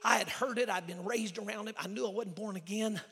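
Fiery evangelist in a reverberant church. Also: male voice, high voice, brisk, husky. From Oklahoma. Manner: swings from shouted exhortation to hushed storytelling. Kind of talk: fiery revival sermon. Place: church sanctuary. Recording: long church hall reverb.

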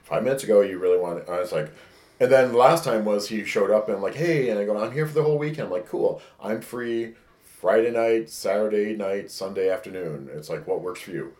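A man with a fairly low voice tells a candid, rambling story in a casual podcast chat and acts out the lines of each text he quotes. His voice rings around a roomy, echoey space. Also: fairly quick, a little mellow. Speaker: podcast co-host. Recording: echoey room.

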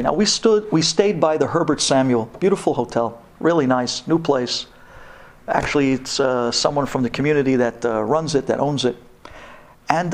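A rabbi telling a humorous personal story in a Torah talk, animated and acting out the dialogue. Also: male voice, medium pitch.

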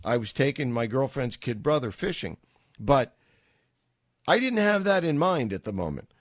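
A man's voice: mid-range voice, sing-song, normal speed, no echo. A middle-aged man hosting a talk radio show, telling a rambling story with wry asides into a studio microphone.

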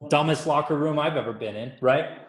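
A man's voice: on the high side, fairly quick. Playful man preaching in an echoey room. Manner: playful, asks the audience questions. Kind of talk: casual sermon.

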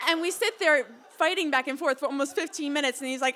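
A young woman from Massachusetts telling a personal story to a live audience, breathless and animated, with lots of fillers. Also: high voice, fast talker, few pauses. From Massachusetts, Cape Cod. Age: young adult. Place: small hall before a live audience.

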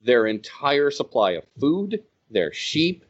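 A man telling stories from running his game in a casual podcast chat, animated and laughing as he goes. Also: mid-range voice, takes it slowly. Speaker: game designer and organizer. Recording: slightly dull, lo-fi audio.

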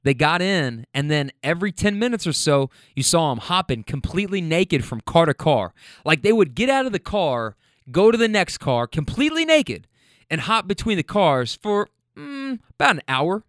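On a ride home, a man sits in a car telling wild restaurant-serving stories in a casual, blunt and profane style. Animated, he laughs at his own stories, speaking at a normal speed with a fairly high pitch. The recording is dry and studio quality.

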